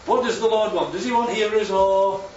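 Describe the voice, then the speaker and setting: A man's voice: sits high, steady tone, normal speed, a little mellow. A man from northern England preaching a sermon in a chatty, joking way, often asking the congregation questions. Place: church hall. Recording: echoey church room, distant mic, dull sound.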